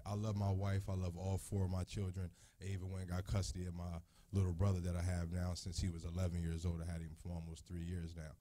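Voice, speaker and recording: A husky, dark-toned man speaks at a community meeting. He tells his story with heartfelt emotion, his voice rising high and straining as he talks, with a low, mellow base to it. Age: 30s. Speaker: community member; youth football coach. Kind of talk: emotional personal testimony.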